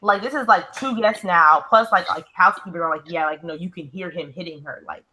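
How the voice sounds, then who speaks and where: Young female co-host, bright tone, rambling storyteller full of "like". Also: fairly low pitch, brisk, low-quality recording. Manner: says "like" constantly, storytelling. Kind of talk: casual chat.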